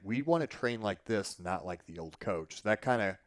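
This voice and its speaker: Animated low-voiced man telling gym stories. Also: moderate pace, hardly any pauses, no room sound, clean studio sound. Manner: animated, profane, self-interrupting storyteller. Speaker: podcast guest. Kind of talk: casual storytelling conversation.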